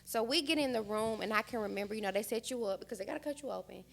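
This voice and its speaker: Gravelly American woman telling her story frankly. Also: on the high side, rapid-fire, slight background noise. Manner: emotional, frank, animated retelling. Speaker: podcast guest. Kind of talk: candid storytelling in casual chat.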